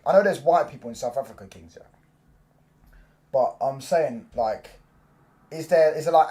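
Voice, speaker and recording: A young man, chatting casually on a football watchalong stream, swearing freely and breaking into loud reactions to the match. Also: medium pitch. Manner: loose, swearing banter, reacts loudly to the match. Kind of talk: casual live-stream chat.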